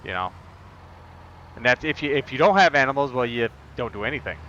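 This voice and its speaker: A man's voice: medium pitch, animated, a little fast, pushed and bright, dull audio, slight background noise. A man streaming a farming game, chatting casually in a rambling, jokey way with lots of fillers. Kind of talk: casual gameplay chat.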